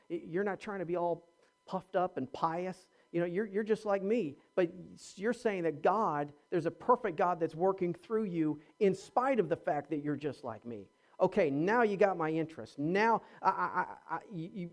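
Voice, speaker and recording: A pastor preaching a sermon, emphatic, repeating words and restarting phrases, and asking the congregation rhetorical questions. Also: mid-range voice. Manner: swings from quiet asides to near-shouting.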